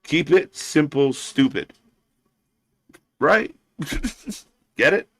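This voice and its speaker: A man's voice: fairly high pitch, animated, drawn-out words, a bit bright, dry recording. Profane, ranting man commentating wrestling live. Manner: blunt, sarcastic, swears often, heated.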